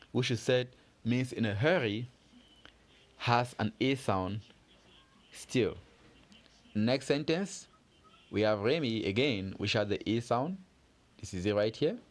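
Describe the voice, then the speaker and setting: A man teaches a French lesson in a plain mid-range voice. He is patient and methodical and keeps quizzing his listeners with little questions. The pace is steady and the tone is level throughout. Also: mid-range voice. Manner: patient, methodical, asks learners questions and answers them. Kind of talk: lesson explanation for learners.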